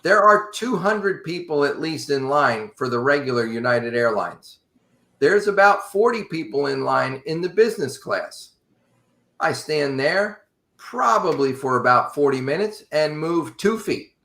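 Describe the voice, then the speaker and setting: A man casually telling a long travel story to a podcast host in an animated, wry way. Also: a little high, unhurried, vocal fry. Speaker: podcast guest. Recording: roomy echo.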